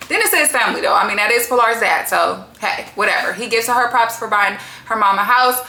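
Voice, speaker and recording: A woman's voice: medium pitch, fairly quick, creaky, pushed and bright, echoey room, slight background noise. A woman hosting a casual reality-TV recap, talking bluntly with lots of profanity and strong opinions. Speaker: TV recap host.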